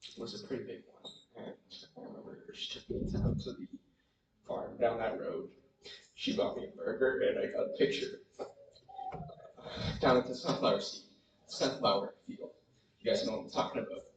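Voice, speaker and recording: A tearful young man speaks unscripted at a memorial, emotional and apologetic, halting as he talks. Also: mid-range voice. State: tearful, crying. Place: large hall at a memorial gathering. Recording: echoey hall, far from the mic.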